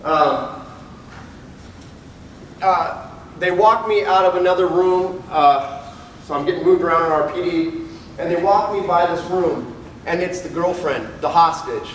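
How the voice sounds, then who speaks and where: A police officer gives a candid talk to an audience about his own life, acting out the people he quotes. His voice sits high and he speaks unhurriedly with frequent pauses. The recording has a slight hiss or hum, with him far from the mic in an echoey hall with faint ambience.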